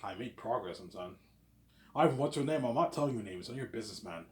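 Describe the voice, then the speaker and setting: In a room with noticeable echo, a thirtyish vlogger with a lowish voice talks fast and animatedly. His relaxed, confident monologue wanders, and he keeps adding "obviously" and "man" to his lines.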